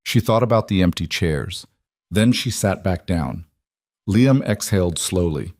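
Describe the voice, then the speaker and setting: A man narrating a scripted story in a measured, steady way. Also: low-pitched, no room sound, studio quality.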